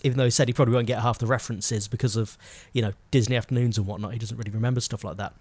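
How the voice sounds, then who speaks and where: A man co-hosting a casual talk show, chatty and animated. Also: medium pitch, racing, a little hiss or hum. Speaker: podcast co-host. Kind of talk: casual chat.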